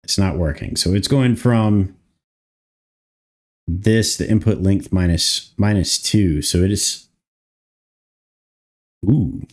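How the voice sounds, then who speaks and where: Low-voiced and slightly mellow, a man livestreams his game-mod coding, taking things slowly with long pauses. He thinks aloud, mutters, makes casual chat, and swears from time to time.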